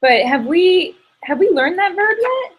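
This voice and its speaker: A woman's voice: extremely high pitch, very animated, unhurried, muffled recording. A woman student in a Greek tutoring session, eager and checking her answers.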